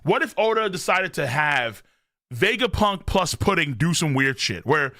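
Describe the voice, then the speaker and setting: A male streamer reacting live to a new manga chapter. He is excitable and curses freely, rambling and repeating himself. His voice is bright, high and very animated, with big pitch swings. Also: measured pace.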